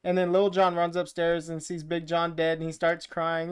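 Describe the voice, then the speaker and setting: A man's voice: sits high, fairly even intonation, moderate pace, clean tone. A man co-hosting a podcast, casually retelling a movie plot in a rambling way with quoted lines. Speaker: podcast co-host. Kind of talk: casual movie recap chat.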